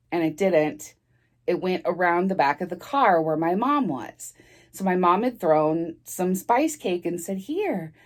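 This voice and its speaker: Low-voiced woman telling a chatty story. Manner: rambling, with many fillers and restarts; chatty, laughs as she talks. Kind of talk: casual storytime chat.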